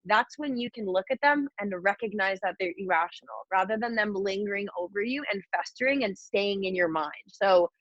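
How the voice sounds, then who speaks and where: A woman's voice: medium pitch, a little fast, hardly any pauses, fairly bright tone, no echo. Young woman chatting on a video call, candid, swears a lot, kinda lo-fi dry sound. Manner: chatty and candid, swears freely, acts out inner voices. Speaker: guest mentor. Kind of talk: casual motivational talk on a group call.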